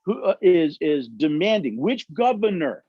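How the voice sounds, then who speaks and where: A slightly high, somewhat rough voice with a dark tone and big pitch swings moves a little slowly here. In dull audio without room sound, the man leads a constitution study session, acting out quotes and telling stories emphatically while the audience asks questions.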